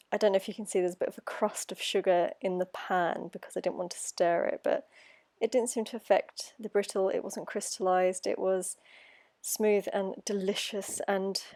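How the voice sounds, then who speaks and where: A woman with a British accent chats her way through a baking vlog. Her voice is dark and mellow, roughened by hay fever, and she rambles comfortably between steps. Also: mid-range voice. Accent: British English. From England. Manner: chatty and rambling, lots of ums. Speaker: home baker vlogger. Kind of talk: casual baking vlog chat.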